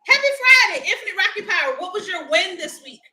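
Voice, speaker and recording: A woman's voice: very high voice, expressive, quick pace, sharp tone, echoey room, low-quality recording. A woman, hosting a casual live motivational chat, upbeat and laughing often as she talks to viewers. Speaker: livestream host.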